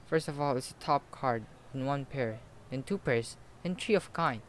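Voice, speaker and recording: A man's voice: medium pitch, moderate pace, slight background noise. A man reading a visual novel aloud as a let's play host, with rambling, self-mocking asides.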